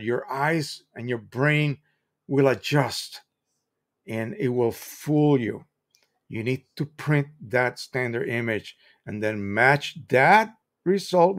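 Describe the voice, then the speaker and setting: An American man hosting a live stream, explaining printing in a chatty, casual way with examples and restarts. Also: mid-range voice.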